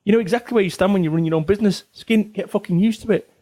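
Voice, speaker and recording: A business author in his forties from Salford, England, talks bluntly and swears freely as a podcast guest, repeating phrases for emphasis in a casual interview chat. His Northern English voice is high, mellow, and racing.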